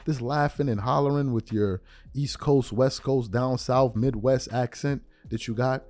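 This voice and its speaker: A man's voice: medium pitch, steady tone, measured pace, a little mellow, soft background music. A man in his thirties hosting a podcast, giving opinionated sports commentary with incredulous rhetorical questions and street slang. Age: 30s. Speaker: podcast host.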